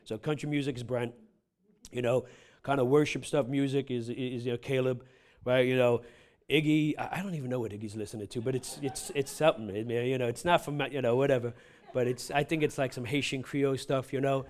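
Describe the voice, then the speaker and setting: A man's voice: mid-range voice, fairly even intonation, a little fast, darkish tone. Conversational man preaching a sermon. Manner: conversational, rising to emphatic, with frequent "huh?" and "right?". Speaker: pastor.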